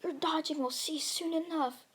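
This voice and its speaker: A cruel alien tyrant, put on by a woman narrator sneers quiet taunts at his foe. The voice sits fairly high and unhurried, with mocking confidence in every line of this fan-made story. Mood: sneering.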